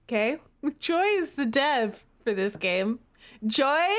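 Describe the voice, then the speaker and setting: A woman streamer reads a romance game slowly and lingers over the lines. Her fairly high voice swings up and down as she breaks off into playful, dramatic overreactions. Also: lively intonation. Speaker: gaming streamer. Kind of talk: reading game text aloud with playful commentary.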